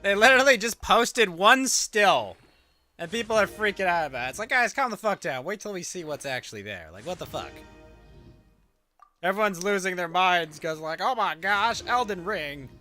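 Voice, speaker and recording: A man's voice: sits high, big pitch swings, normal speed, bright, forceful tone, faint music behind. A man streaming a game, chatting casually in a wry, rambling way with offhand swearing. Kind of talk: casual gameplay commentary.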